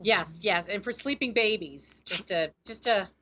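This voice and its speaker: A woman's voice: mid-range voice, a little slow, sharp tone. A woman co-hosting a casual chat, joking with dry, sarcastic humor. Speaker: podcast co-host.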